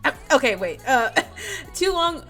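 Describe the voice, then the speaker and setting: A woman's voice: high voice, measured pace. Bubbly young woman streamer, music behind. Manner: bubbly, excitable, giggly, with frequent fillers. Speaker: streamer reading fanfiction to chat. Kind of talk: casual live-stream chat. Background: faint music.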